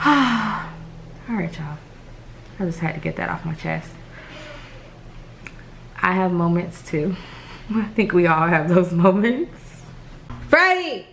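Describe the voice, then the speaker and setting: A young woman, telling a story to camera for her family vlog in an excitable, rambling way. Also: fairly low pitch, vocal fry, a little hiss or hum. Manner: excitable, rambling, addresses viewers as y'all. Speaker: family vlogger.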